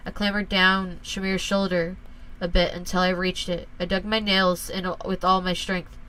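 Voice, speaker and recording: Woman, horror story reader, calm measured narration, bright crisp tone, lowish voice. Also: a little hiss or hum, rough recording.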